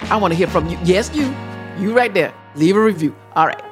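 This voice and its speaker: A woman's voice: fairly low pitch, expressive, brisk, music in the background. A woman hosting a podcast in casual chat, enthusiastic and exclamatory. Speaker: podcast host.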